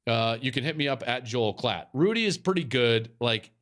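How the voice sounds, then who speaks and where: A man's voice: mid-range voice, expressive, moderate pace, fairly bright tone. A man hosting a football podcast, talking in a casual, emphatic way and repeating his points for effect. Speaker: podcast host. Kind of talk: casual chat.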